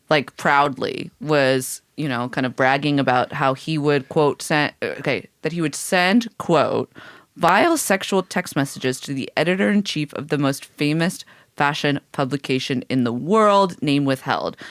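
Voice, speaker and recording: A woman's voice: deep voice, no room sound, clean studio sound. A woman co-hosting a podcast, chatting casually and sardonically, swearing and reading from a document. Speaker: podcast co-host. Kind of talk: casual chat.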